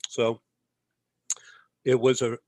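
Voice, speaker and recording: A man's voice: mid-range voice, completely flat delivery, drawn-out words, a little mellow, dry recording. A man from the Boston area, a guest telling a rambling story in a casual interview and tagging his lines with "okay?". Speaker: guest, magazine publisher.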